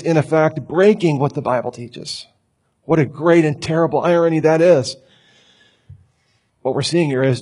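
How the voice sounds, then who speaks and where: A man's voice: a little high, darkish tone, husky. A man preaching a sermon as pastor, emphatic and conversational, asking the listeners rhetorical questions. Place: church sanctuary.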